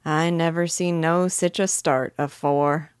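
A woman's voice: low voice, steady tone, slow pace, clear, resonant tone, dry recording, clean studio sound. A woman voicing a cheeky male cockney burglar who drops his aitches and drawls slang. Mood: gruff.

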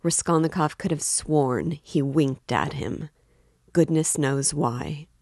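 A woman reading a classic novel aloud in steady, measured narration. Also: sits low, no echo, clean studio sound. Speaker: book reader.

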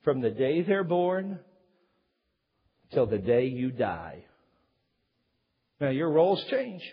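A man's voice: mid-range voice, big pitch swings, takes it slowly, slightly rough. A middle-aged man preaching a sermon to a church congregation, telling a funny story with self-mocking humor and then building to emphatic points. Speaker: pastor. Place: church sanctuary. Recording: hall reverb, dull lo-fi sound.

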